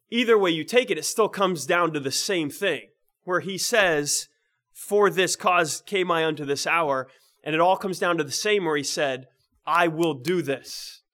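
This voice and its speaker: A man preaching a sermon in a conversational way, often checking in with the listeners and restarting phrases, moving between emphatic lines and quiet, low ones. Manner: restarts and repeats words mid-phrase.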